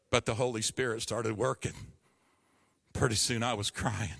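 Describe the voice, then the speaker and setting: Bright-voiced man in his fifties preaching. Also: mid-range voice, steady tone, moderate pace, gravelly, big-room sound. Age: 50s. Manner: earnest storytelling, acting out the voices in his story. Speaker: pastor. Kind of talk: sermon with personal testimony.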